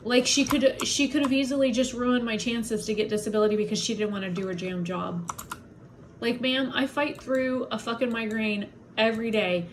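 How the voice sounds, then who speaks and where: A woman's voice: fairly high pitch, moderate pace, a little hiss or hum. A woman vlogger in an angry personal rant to camera, swearing heavily and blunt, upset and in pain from a migraine. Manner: heavy swearing, blunt and indignant.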